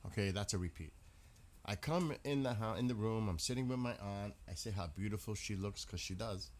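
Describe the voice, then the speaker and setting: Male streamer, low voice, casual rambling chat to viewers. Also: a little fast. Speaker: live streamer.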